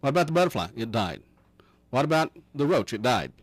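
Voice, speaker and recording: A man's voice: medium pitch, big pitch swings, fairly quick, slightly rough, no room sound. A man voicing a fretful mother scolding her son about pets.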